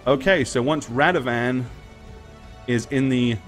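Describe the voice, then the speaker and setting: A man's voice: medium pitch, unhurried, soft background music. A man narrating a tabletop game as game master, casual and chuckling, with frequent fillers.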